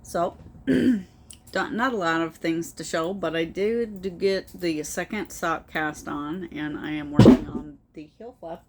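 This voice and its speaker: A woman with a fairly low voice speaks slowly against heavy background noise. Chatting casually to the camera about her knitting, she laughs often, stays playful, and uses sweet baby talk with her dog.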